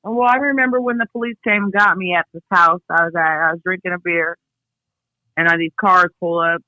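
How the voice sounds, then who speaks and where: A woman from Iowa giving a candid personal account, blunt and halting, swearing freely as she reflects. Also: on the low side, fairly even intonation, sharp tone, no echo. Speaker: guest, host's sister. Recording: tinny phone line.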